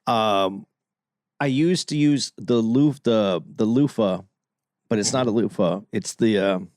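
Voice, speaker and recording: A man co-hosting a podcast in casual chat, rambling and halting through his stories. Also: lowish voice, darkish tone, no echo, studio quality. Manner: rambling, halting, with many fillers and restarts. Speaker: podcast co-host.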